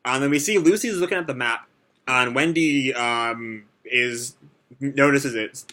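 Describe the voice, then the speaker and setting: A man's voice: mid-range voice, moderate pace, sharp tone. A young man hosting a live manga reaction, reading and commenting in a casual, rambling way. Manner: casual, rambling, many fillers.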